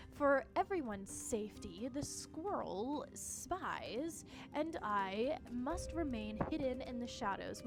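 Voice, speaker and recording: A woman as a secretive spymaster, measured, lively pitch. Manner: measured, formal. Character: secretive spymaster hiding in shadows. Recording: game music behind.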